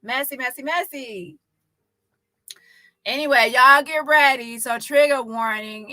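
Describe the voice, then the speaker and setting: A woman giving casual reaction commentary, animated and exclaiming with frequent laughter. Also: fairly high pitch, no echo.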